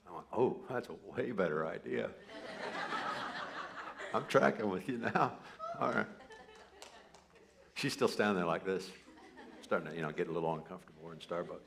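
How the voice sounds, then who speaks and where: A man preaching a sermon, telling a personal story, starting soft and building to loud emphasis. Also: sits low, fairly quick, vocal fry, pauses often. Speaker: pastor.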